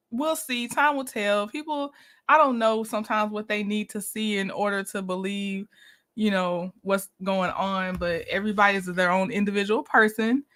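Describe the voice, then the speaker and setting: A woman's voice: on the high side, pushed and bright. A woman hosting a casual livestream, chatting and laughing often as she greets her viewers one by one by name. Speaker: livestream host.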